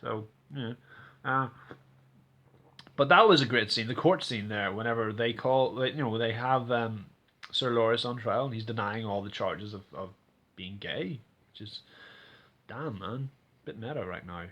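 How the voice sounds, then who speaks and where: A man talks through a TV episode in a loose, rambling recap, full of "you know" and restarts. His voice is bright and forward. Now and then he bursts into loud, high, exaggerated impressions of the characters. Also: measured pace, long pauses. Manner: animated, acts out characters' lines in exaggerated voices; rambling with frequent fillers and restarts. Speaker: TV episode reviewer. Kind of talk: casual recap and commentary.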